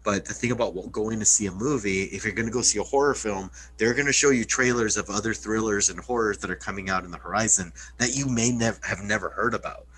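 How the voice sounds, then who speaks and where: A man's voice: fairly low pitch, fast, few pauses, fairly bright tone, a little hiss or hum, low-quality recording. A man chatting casually on a podcast, loose and profane, with lots of filler words.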